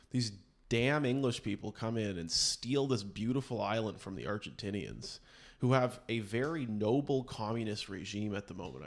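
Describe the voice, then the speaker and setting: A man hosting a podcast, rambling through casual chat with sarcastic, mock-serious asides. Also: lowish voice. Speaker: podcast host.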